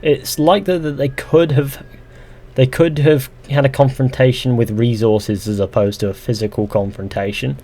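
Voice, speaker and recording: A man's voice: medium pitch, fairly even intonation, moderate pace, mellow. A young man live-streaming a game, chatting casually, reading viewer comments aloud and answering with dry sarcasm. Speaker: gaming streamer. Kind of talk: casual live-stream chat while playing.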